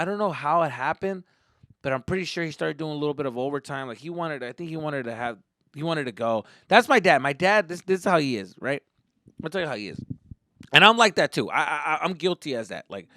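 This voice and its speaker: Comedian podcast host, profane storyteller, dry close sound. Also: male voice, mid-range voice, dry recording. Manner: profane, animated, rambling.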